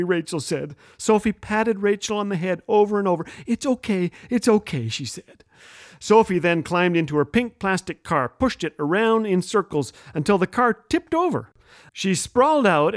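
A middle-aged man hosting a humor radio show, telling stories with wry, gentle jokes and chuckling at his own lines. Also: high-pitched, dry recording, studio quality.

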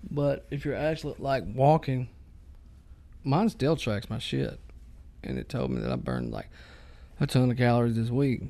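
Gravelly, crude-joking man. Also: mid-range voice, sing-song, normal speed, long pauses, warm tone. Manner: crude, joking, swears freely. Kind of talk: casual chat.

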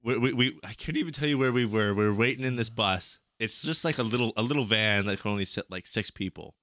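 Bright-voiced man telling a profane story. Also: lowish voice, fast, dry recording, studio quality. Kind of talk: casual storytelling chat.

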